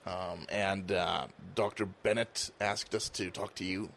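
A man playing a tabletop game over a voice call, speaking in a halting, filler-laden way. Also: sits low, steady tone, vocal fry, fairly bright tone, slight background noise. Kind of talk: in-character chat on a voice call.

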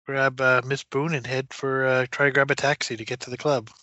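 A man at a tabletop game with a bright, forceful voice, speaking politely and in measured phrases. The sound is dry and a little muffled. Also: medium pitch, little pitch movement, no echo. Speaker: player.

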